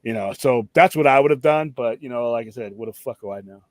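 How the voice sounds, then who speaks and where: Male stream host, middle pitch, loose and profane, dry close mic. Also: quick pace, dry recording. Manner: rambling, profane, animated. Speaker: show host. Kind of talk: casual stream chat.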